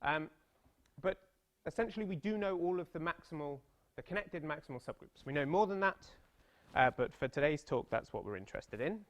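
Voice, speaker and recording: A man's voice: a little high, lively intonation, a little fast. A British man in his thirties giving a mathematics seminar talk, chatty and self-deprecating, with playful storytelling asides. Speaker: mathematics lecturer. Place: seminar room.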